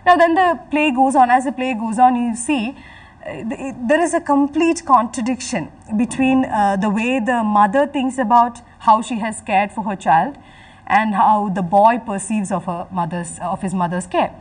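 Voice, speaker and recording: A woman giving a literature lecture, explaining slowly and repeating her phrases, and acting out lines from the text. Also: on the high side, distant mic, poor audio. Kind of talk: recorded lecture.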